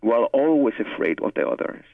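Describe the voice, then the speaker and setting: A man's voice: mid-range voice, very animated, a little fast, creaky, no room sound. A novelist guest with a Cuban Spanish accent, a native Spanish speaker, who speaks earnestly and often repeats words as he searches for his English. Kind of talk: interview conversation. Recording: tinny phone line, distant from mic.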